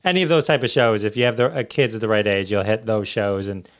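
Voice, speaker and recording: A man hosting a casual interview, asking relaxed, chatty questions with halting restarts. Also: fairly low pitch.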